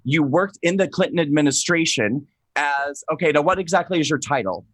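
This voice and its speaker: A man hosting a political talk show, excitable and gushing, rambling with many restarts and self-corrections. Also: fairly high pitch, a little fast, dry recording, rough recording. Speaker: host.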